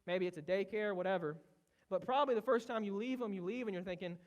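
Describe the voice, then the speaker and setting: A man with a hoarse voice from a cold, giving a casual, conversational sermon as pastor. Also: sits high, fast. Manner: casual, conversational preaching with rising intensity. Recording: muffled, with loud guitar behind. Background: worship team playing guitar.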